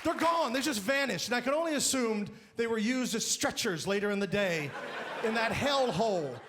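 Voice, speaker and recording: A man doing a stand-up comedy routine on a live stage, loud and exaggerated, often shouting his punchlines. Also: very high-pitched, lively intonation, moderate pace. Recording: live stage mic, crowd laughter and noise. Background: audience laughing.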